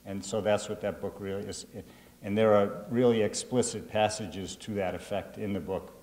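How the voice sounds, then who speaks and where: A man's voice: on the low side, steady tone, normal speed, darkish tone, big-room sound. A man with a Boston accent, an author speaking earnestly and restarting his sentences often as he reflects on his life and addresses students. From Greater Boston.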